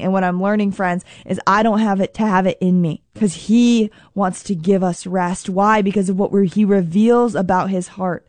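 A woman's voice: mid-range voice, steady tone, normal speed, few pauses, darkish tone, no echo. A woman preaching a sermon in an earnest, emphatic way, repeating phrases for stress and reading scripture aloud.

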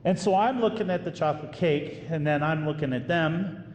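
A priest telling a story in a sermon, animated and acting out the voices of the people in it. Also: male voice, fairly high pitch, normal speed, noisy background. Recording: echoey hall with faint room ambience.

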